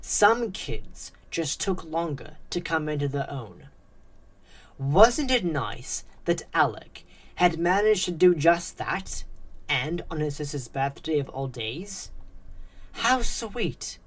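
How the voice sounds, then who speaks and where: Low-voiced woman narrating a dark story. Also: animated. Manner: measured, suspenseful reading.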